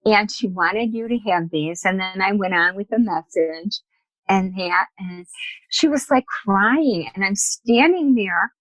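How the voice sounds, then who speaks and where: A woman's voice: medium pitch, unhurried, no room sound, poor audio. Chatty woman telling stories, dry sound. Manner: lively, chatty, acts out quoted dialogue. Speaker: guest, spiritual medium. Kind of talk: casual storytelling in an interview.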